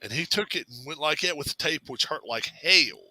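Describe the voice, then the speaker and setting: A man spins a laughing story in a loose, drawling way, slipping into the voices of the people he quotes. His voice is very bright and a touch high. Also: expressive, brisk, no room sound, poor audio. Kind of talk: casual storytelling and sports chat.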